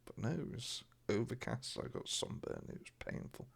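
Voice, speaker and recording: A man's voice: mid-range voice, lively intonation, normal speed, creaky, breathy edge. A young man co-hosting a podcast, telling rambling, self-mocking stories in casual chat. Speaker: podcast co-host.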